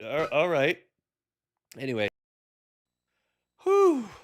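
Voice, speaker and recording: A man streaming comedic wrestling commentary, loud, joking and cursing, with faint music behind him. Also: on the high side, wildly swooping pitch, extremely slow. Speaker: streamer doing fight commentary.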